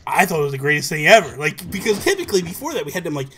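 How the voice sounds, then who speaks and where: A man hosting a livestream, telling a childhood story in a rapid, animated way and acting out family members' voices. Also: fairly high pitch, slight background noise. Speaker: livestream host. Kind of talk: casual chat, storytelling.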